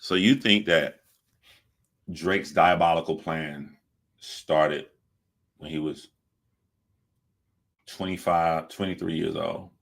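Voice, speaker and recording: A man's voice: low voice, steady tone, takes it slowly, vocal fry, long pauses, fairly bright tone. A man hosting a heated talk debate, mocking and sarcastic, with plenty of profanity. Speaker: host.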